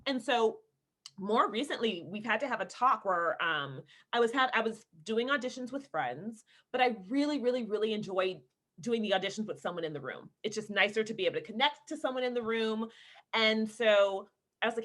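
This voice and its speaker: Bright, animated woman on a video call. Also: medium pitch, a little fast. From Houston, Texas. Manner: animated storyteller, laughing, acting out quoted people. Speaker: actress, interview guest. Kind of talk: casual video-call interview.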